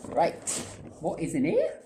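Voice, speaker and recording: An excitable woman unboxing her collection in a casual vlog, swearing freely and squealing with delight. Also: unhurried. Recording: echoey room with clear background noise.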